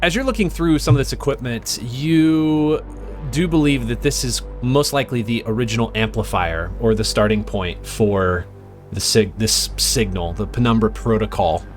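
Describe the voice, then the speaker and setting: Man, game master, loose rambling narration, mid-pitched voice, faint music behind. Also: normal speed. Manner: loose, rambling description with many fillers.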